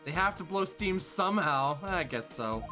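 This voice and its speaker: Game streamer, casual and jokey, animated pitch, music underneath. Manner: playful, chatty, quick to laugh. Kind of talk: let's-play commentary with voiced characters.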